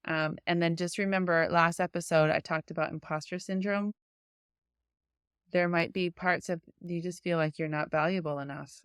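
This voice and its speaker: Woman coach talking on her podcast, chatty and rambly, lowish smooth voice, dry close sound. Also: fairly even intonation, moderate pace, no echo. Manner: chatty, many fillers and restarts. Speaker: podcast host and life coach for quilters. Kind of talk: casual coaching monologue.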